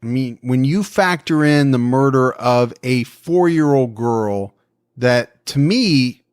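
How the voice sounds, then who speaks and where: A man's voice: medium pitch, a little mellow, clear, resonant tone, no room sound, studio quality. A man co-hosting a true-crime podcast, talking through a case in a musing, conversational way. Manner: musing, conversational, quick to laugh. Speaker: podcast co-host.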